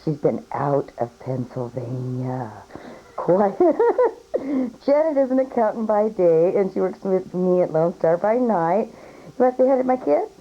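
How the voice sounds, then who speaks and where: A woman's voice: mid-range voice, very animated, measured pace. A middle-aged mother who chats and laughs often as she introduces her coworkers to her children on video. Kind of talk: home video message. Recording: dull home camcorder sound.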